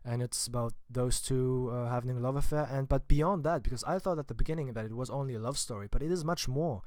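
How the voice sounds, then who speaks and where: A man's voice: mid-range voice, quick pace, darkish tone, dry recording, studio quality. A man giving a casual spoken film review, chatty and informal with wry asides. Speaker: film vlogger.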